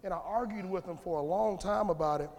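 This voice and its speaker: A man's voice: sits high, brisk, darkish tone. A man giving an informal, conversational sermon in church, rambling with restarts and calling on the congregation. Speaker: lay speaker giving a church message. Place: church sanctuary. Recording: long church hall reverb.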